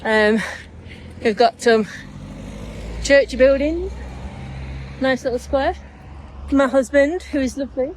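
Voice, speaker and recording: A woman's voice: sits high, slow, pauses often, a little mellow, slight background noise. A middle-aged woman, chatting casually and joking as she vlogs to a handheld camera. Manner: chatty and jokey, laughs often. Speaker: travel vlogger. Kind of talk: casual vlog chat.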